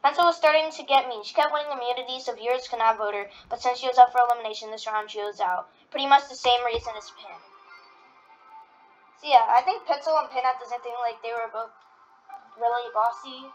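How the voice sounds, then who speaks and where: A woman's voice: on the high side, a little fast, soft background music, poor audio. A woman giving casual reaction-video commentary, rambling with lots of fillers. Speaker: video creator.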